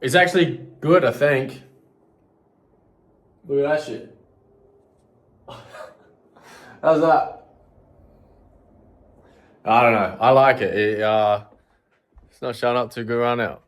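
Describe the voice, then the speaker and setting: A young man vlogs casually to camera, blunt and profane, sometimes out of breath. His mid-range voice moves slowly with frequent pauses, and the recording is dry.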